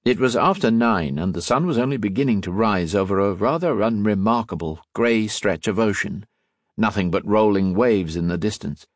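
A man narrating an audiobook in an expressive storytelling manner. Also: on the low side, moderate pace, no echo. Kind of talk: scripted narration.

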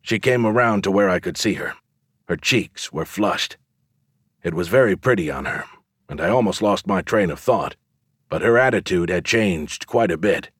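A man narrating a first-person audiobook in a measured, wry way. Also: low-pitched, expressive, a bit bright, husky, no echo, studio quality.

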